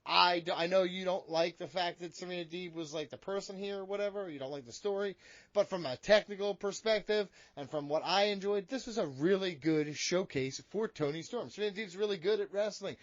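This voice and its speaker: A man's voice: sits high, brisk, no echo, highs cut off. A man co-hosting a wrestling review podcast, bantering in a brash, joking way with lots of swearing. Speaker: podcast co-host. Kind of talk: casual wrestling review chat.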